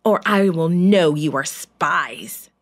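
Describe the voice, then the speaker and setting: A stern, powerful governor speaks in a low, commanding voice, as a woman reading a children's Bible story puts him on. He talks slowly and firmly. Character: stern powerful man testing his brothers.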